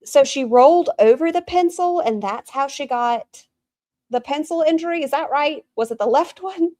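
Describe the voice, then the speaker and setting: A woman's voice: high voice, moderate pace, dark tone, dry recording. A woman hosting a reaction stream, commenting in a dry, mocking way.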